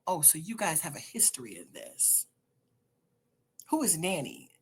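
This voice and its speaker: A woman hosting a show, reading online posts aloud and reacting with animated, sassy commentary. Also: low-pitched, unhurried, long pauses, slightly rough. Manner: animated, sassy commentary with sudden loud outbursts. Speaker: host.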